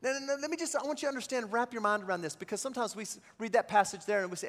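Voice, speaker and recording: A man's voice: sits high, very fast, hardly any pauses, a bit bright, long reverb tail. A man preaching a sermon as pastor, building to call-and-response refrains.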